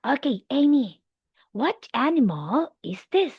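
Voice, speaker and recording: Woman teacher for a kid's demo lesson, very slow, lively pitch, dry lo-fi sound. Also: slightly rough, no echo. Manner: slow, animated, encouraging, with animal sounds. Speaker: English teacher. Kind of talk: demo lesson for a young child.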